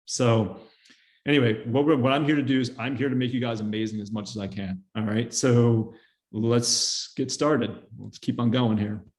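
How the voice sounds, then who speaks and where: A middle-aged man giving a casual lecture with slides, telling stories quickly with fillers and small laughs. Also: medium pitch, fairly even intonation, darkish tone. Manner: fast, chatty storytelling with fillers and laughs. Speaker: guest speaker teaching interview skills.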